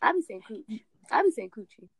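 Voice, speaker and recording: A woman's voice: a little high, big pitch swings, a little fast, a bit bright. A young woman co-hosting a podcast, chatting expressively and laughing a lot. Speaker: podcast co-host. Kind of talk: casual chat.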